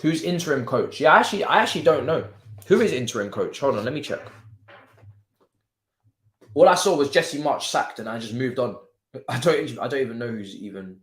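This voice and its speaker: A man's voice: mid-range voice, very animated, a little fast. A man hosting a live football watchalong, chatting casually and joking in heavy slang. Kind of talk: casual live-stream chat and match commentary. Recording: roomy echo.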